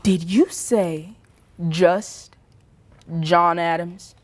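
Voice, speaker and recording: A woman voicing a loud, bullying male small-town official who barks and mocks in an interrogation. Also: high voice, steady tone, drawn-out words, full character voice. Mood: interrogating. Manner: barking, mocking interrogation.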